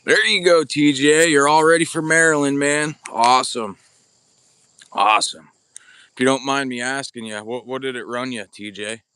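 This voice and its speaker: A man's voice: medium pitch, fairly even intonation, normal speed, bright, forceful tone, clean tone, no room sound. A man hosting a casual bowhunting livestream outdoors, chatting bluntly with viewers and greeting them by name, recorded on a camera mic without a separate microphone. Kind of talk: casual live-stream chat. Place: outdoors at an archery practice spot. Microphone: camera or phone mic without external microphone.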